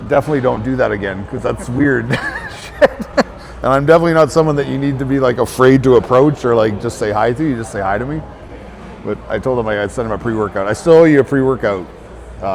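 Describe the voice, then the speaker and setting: A man with a gravelly, fry-heavy voice at an ordinary middle pitch tells a rambling story to his viewers. He swears freely and leans on filler words as he goes. Faint traffic noise sits in the background. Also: darkish tone. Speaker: fitness trainer and channel host. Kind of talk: casual storytelling to camera.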